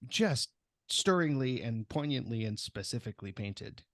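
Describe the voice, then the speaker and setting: A man's voice: medium pitch, expressive, moderate pace, no room sound, studio quality. A man hosting a podcast, chatting casually with his co-hosts in a playful, self-deprecating way. He studied English. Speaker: podcast host.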